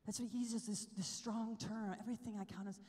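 A young woman giving an animated talk at a youth conference, telling her story, sometimes whispering and sometimes shouting. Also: medium pitch, a little fast. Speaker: conference speaker. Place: large hall. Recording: long hall reverb.

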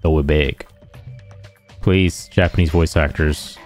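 A man's voice: rumbling low, steady tone, slow, darkish tone, faint music behind. A man giving rambling, jokey commentary while playing a game, often slipping into random silly voices. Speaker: let's play gamer. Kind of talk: casual gameplay commentary.

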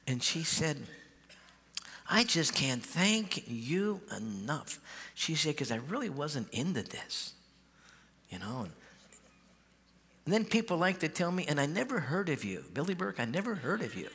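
A man pastor telling a healing story in a sermon, acting out the dialogue and calling on the crowd to shout. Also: a little high, unhurried, long pauses, breathy edge. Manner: animated, acts out quoted dialogue, calls for shouts. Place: large church hall. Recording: live church hall with long reverb.

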